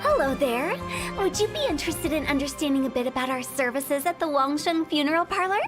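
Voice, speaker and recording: A woman's voice: high voice, animated, a little fast. A woman voicing a playful, mischievous young funeral director in a video game, talking with teasing, giggly sales patter. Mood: pushy cheerful. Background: game music.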